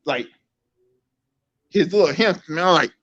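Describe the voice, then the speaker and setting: A man's voice: fairly high pitch, animated, unhurried, a bit bright. A man co-hosting a casual commentary chat, joking and mocking. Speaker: co-host. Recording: dull lo-fi audio.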